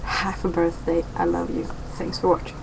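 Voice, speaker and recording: A woman's voice: lowish voice, very animated, normal speed, noisy background. Chatty young woman vlogging at home. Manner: chatty, rambling and playful. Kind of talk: casual daily vlog.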